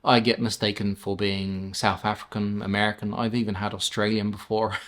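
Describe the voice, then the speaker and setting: A man's voice: lowish voice, level tone, normal speed, a bit bright. A man in his forties with a London English accent, casually reviewing a microphone in a small home studio and laughing at his own slips. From England. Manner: chatty, self-mocking, stumbles over words. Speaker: gear reviewer, host. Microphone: camera-mounted shotgun mic about arm's length away.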